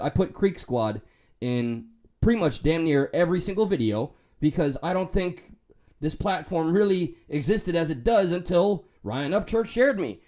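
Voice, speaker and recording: A man's voice: on the high side, darkish tone. A man with a New York accent hosting a livestream, reading chat and talking candidly, swearing and joking as he rambles.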